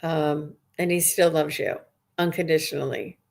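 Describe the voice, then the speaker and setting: Woman, low-ish voice, psychic medium on a live stream, earnest and rambling. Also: steady tone, normal speed, creaky, a little mellow. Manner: earnest, rambling, many restarts and fillers. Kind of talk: live-stream reading for viewers.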